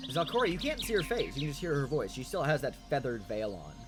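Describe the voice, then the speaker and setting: Male game master, lively pitch, hesitant fillers, music behind. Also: fast talker. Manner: hesitant, full of "like" and "um". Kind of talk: narrating a tabletop game.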